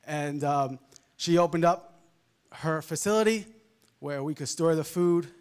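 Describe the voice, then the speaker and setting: A male preacher with a softened New York accent, delivering a fervent sermon full of amens and hallelujahs. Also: a little high, measured pace, clean tone. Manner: fervent, peppered with amens and laughs.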